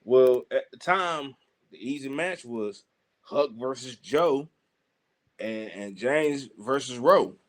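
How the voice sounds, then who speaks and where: A man with a Southern US accent, a wrestler guest telling a road-trip story in an animated way and acting out other people's lines. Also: medium pitch, takes it slowly. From Southern United States. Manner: lively, acts out other people's lines, heavy slang.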